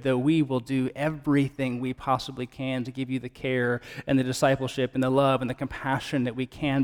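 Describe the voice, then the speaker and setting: A man's voice: mid-range voice, darkish tone, long reverb tail. A man preaching an earnest, conversational sermon as pastor and building to emphatic points.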